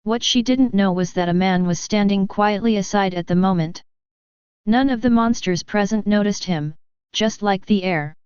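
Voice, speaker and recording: A woman reading a fanfiction audiobook in a steady storytelling manner. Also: medium pitch, normal speed, clean tone, no room sound. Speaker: audiobook narrator. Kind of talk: scripted narration. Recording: dry, dull lo-fi recording.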